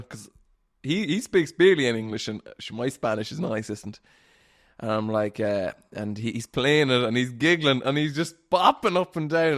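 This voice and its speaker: Laid-back young man rambling solo. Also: mid-range voice. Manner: rambling, swears freely, laughs often. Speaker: podcast host. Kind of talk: casual solo storytelling.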